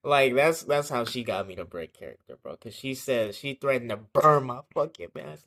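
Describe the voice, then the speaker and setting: A man's voice: mid-range voice, lively intonation, moderate pace, hardly any pauses, fairly bright tone. A young man telling a childhood story in a casual vlog, rambling and slangy, with lots of fillers and swearing.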